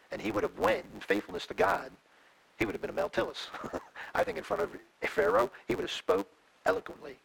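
A man's voice: a little high, creaky, a bit bright, husky, poor audio. A middle-aged man, a pastor, preaching a sermon in a folksy, conversational way.

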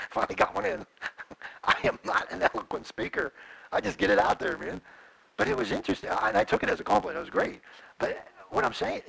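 A man's voice: fairly high pitch, vocal fry, a bit bright, breathy edge, rough recording. A middle-aged man, a pastor, preaching a sermon in a folksy, conversational way.

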